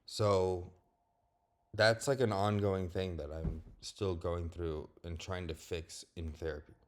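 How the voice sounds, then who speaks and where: A young man with a deep, low-pitched voice talks straight to the camera in a personal vlog. He is blunt and candid, and he swears freely. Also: steady tone, takes it slowly. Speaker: vlogger. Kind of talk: personal monologue.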